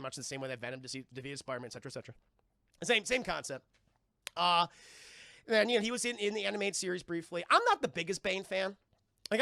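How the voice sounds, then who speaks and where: Gravelly, animated man reviewing films. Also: high-pitched, no echo. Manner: animated, profane, addresses chat. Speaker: film reviewer streaming to chat. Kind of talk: casual live-stream commentary.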